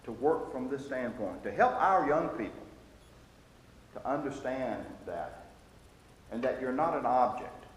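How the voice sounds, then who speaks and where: A man leads a Sunday school lesson, talking earnestly and sometimes stumbling over his words before he presses his point. His voice sits at an ordinary pitch for a man. It rings through a big reverberant church hall with a faint hiss underneath. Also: animated. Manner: earnest, halting with restarts, grows emphatic when quoting.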